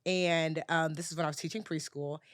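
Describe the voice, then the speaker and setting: A woman, a personal finance educator, telling a story as a podcast guest and acting out the dialogue with lively jumps in her voice. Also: fairly quick, no room sound, studio quality. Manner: animated storyteller, acts out dialogue with big pitch jumps. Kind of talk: storytelling in a conversational interview.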